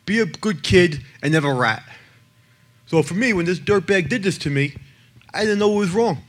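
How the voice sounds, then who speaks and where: A man's voice: high voice, animated, normal speed. Blunt man giving testimony. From the Bronx, New York. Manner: blunt and emphatic, swinging between loud and hushed. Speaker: abuse survivor and advocate speaker. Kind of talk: personal testimony.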